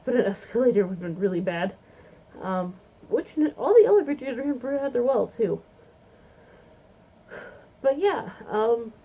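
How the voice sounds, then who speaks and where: Giggly rambling woman, lo-fi phone-like sound. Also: mid-range voice. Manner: bubbly, giggly, gushing, rambling with many ums. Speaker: vlogger reviewing a convention. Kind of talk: casual chat to camera. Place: home, seated in a chair.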